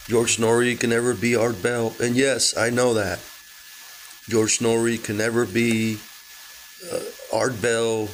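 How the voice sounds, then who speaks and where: A man's voice: mid-range voice, little pitch movement, slight background noise, rough recording. A sick man with a weak voice, rambling in a casual vlog from his car with many halts and fillers. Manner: halting, full of fillers and restarts. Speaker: vlogger.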